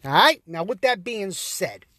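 A man's voice: high voice, big pitch swings, measured pace, bright, forceful tone, no echo, clean studio sound. A man ranting on a podcast in a brash, heated and profane way, full of streetwise slang. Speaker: guest taking over a podcast. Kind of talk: casual profane rant.

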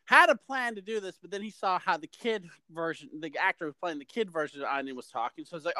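A man's voice: high-pitched, quick pace, few pauses, sharp tone, no echo. A man co-hosting a podcast, giving rambling, opinionated film criticism in casual chat. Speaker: podcast co-host.

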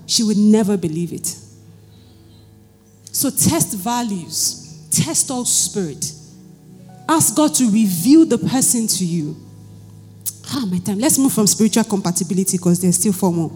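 Nigerian woman preaching in a hall. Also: on the high side. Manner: storytelling, animated, asks the audience questions. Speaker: pastor. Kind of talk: sermon. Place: church hall. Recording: church hall reverb, faint music.

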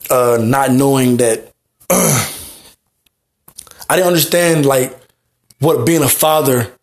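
Young man, podcast host, solo monologue, rambling, heartfelt, mid-pitched voice. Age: young adult. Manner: rambling, heartfelt, repeats "you know what I mean". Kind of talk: personal monologue.

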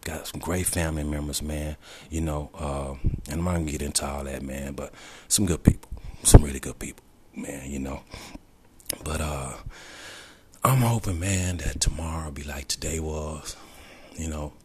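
A man's voice: rumbling low, flat delivery, normal speed, warm tone, a little hiss or hum. A man talking reflectively in a personal video diary, emotional and holding back tears, often dropping to a whisper and leaning on the word "man". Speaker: vlogger.

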